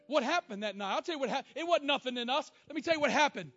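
A man preaching a sermon as a story, moving between loud exclamations and hushed, emotional lines. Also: expressive, very fast. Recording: muffled low-fi sound with faint music.

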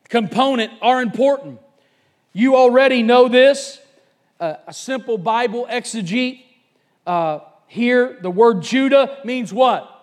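A man preaching a fervent sermon, swinging from shouted lines to low asides. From Covington, Kentucky, USA. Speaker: pastor.

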